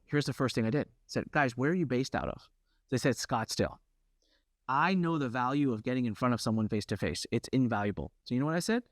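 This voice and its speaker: A middle-aged man hosting a workshop, telling a brash, competitive story with lively asides. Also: on the high side, dry recording, studio quality. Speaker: workshop host.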